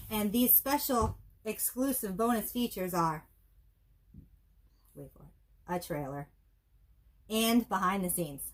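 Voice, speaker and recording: A woman co-hosting a casual movie review show, with wry, dry joking asides. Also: fairly low pitch. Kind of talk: casual chat.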